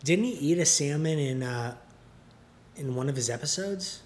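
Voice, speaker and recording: A man from Canada, a podcast guest who jokes in a rambling, deadpan way. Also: on the high side, moderate pace, a little hiss or hum. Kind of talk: casual joking chat.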